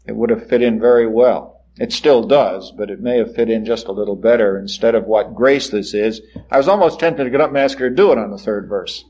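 A man preaching a sermon, swinging from soaring lines to hushed ones and acting out the voices he quotes. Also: on the low side, fairly quick, hardly any pauses, breathy edge, muffled recording. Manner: dramatic rises and hushed drops, acts out quoted voices.

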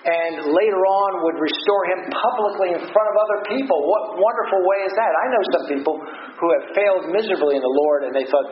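Guy preaching a sermon, kinda high voice, echoey dull recording w/ hiss. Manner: earnest preaching, pitch swinging high and low, slow emphatic phrases. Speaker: pastor. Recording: dull roomy recording with noise.

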